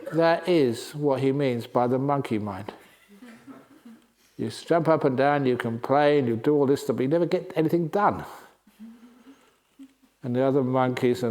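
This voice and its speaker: A man's voice: medium pitch, normal speed, pauses often, a little mellow. A man, a Buddhist monk teacher, giving a humorous Dharma talk in a playful storytelling manner. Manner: playful, storytelling, chuckling often.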